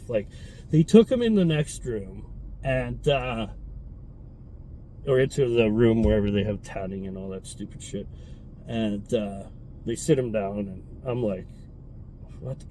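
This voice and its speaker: A man who owns a fitness studio, telling a heated, profane story in a casual, animated way. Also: medium pitch, a little hiss or hum, rough recording.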